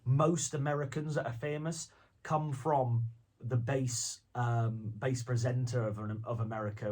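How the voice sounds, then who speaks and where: A man's voice: medium pitch, steady tone, unhurried, a little mellow. A man who does impressions and voice-overs, chatting as a guest on a radio show, rambling with many restarts and frequent chuckles. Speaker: guest, impressionist and voice-over artist. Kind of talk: casual radio chat. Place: radio studio.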